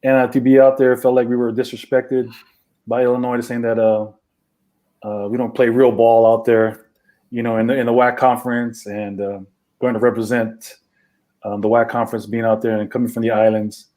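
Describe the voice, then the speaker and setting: A man from Hawaii, a former football player, recalling his career in a relaxed interview chat with lots of fillers. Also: mid-range voice, moderate pace. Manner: relaxed, many fillers, acts out phone calls.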